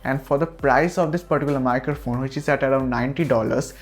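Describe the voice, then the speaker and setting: A man's voice: medium pitch, fast. Earnest man reviewing a microphone. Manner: earnest, repeats reassurances. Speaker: tech reviewer. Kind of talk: product review. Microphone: USB desk microphone.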